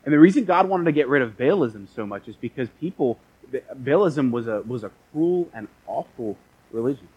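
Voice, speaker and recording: A man preaching a sermon, telling a scripture story in casual modern words with lively restarts, and reading passages aloud. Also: medium pitch, a little fast, breathy edge, dry recording, lo-fi sound. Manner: reads scripture aloud in old-fashioned wording.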